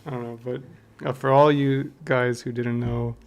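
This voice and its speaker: Laid-back young man with gravelly voice. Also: medium pitch, flat delivery, normal speed, loud music behind the voice. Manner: laid-back, brief replies. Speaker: podcast guest. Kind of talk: casual chat.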